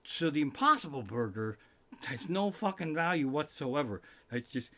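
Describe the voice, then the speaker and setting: A man doing a live-streamed comedic rant from his living room, profane and animated with sudden outbursts. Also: a little high, normal speed. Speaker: comedian host.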